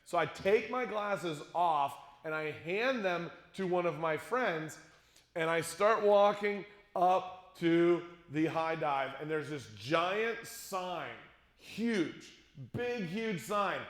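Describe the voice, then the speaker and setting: A middle-aged man telling a funny story to a youth conference audience, acting out what people said and joking with the crowd. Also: high-pitched. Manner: animated, acts out quotes, jokes with the crowd. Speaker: youth speaker. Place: large conference hall. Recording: echoey hall.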